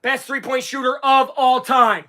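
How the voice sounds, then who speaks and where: A live streamer calling a basketball game as an excitable fan, swinging from low muttering to shouting and swearing. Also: moderate pace. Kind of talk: live fan watch-along commentary.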